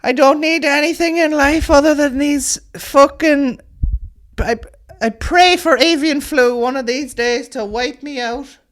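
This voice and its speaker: A man doing a shrill, high-pitched Irish woman, heartbroken and living as a hermit among park pigeons. She draws every word out in slow, melodramatic wails and sounds half unhinged. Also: a bit bright. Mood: melodramatic despair. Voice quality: shrill, melodramatic, drawn-out wailing.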